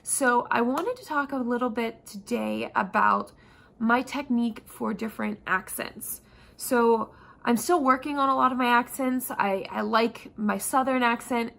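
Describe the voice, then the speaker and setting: A woman's voice: a little high, measured pace, vocal fry, fairly bright tone. A young woman acting coach chatting casually to camera in an upbeat, self-assured way. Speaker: actor vlogger.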